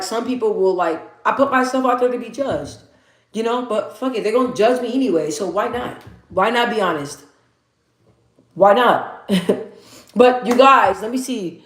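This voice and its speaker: A woman's voice: medium pitch, a bit bright, echoey room. A woman hosting a casual livestream, talking candidly and rambling, swearing freely and reading out viewer comments. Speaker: livestream host.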